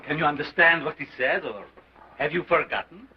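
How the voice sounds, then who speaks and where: A man's voice: a little high, expressive, brisk, lightly acted. An actor playing a commanding showman doctor with an unusual foreign accent, declaiming to a crowd in 1930s film style. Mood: solemn. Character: sinister male showman doctor, grandiose and commanding. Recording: dull old film soundtrack with hiss.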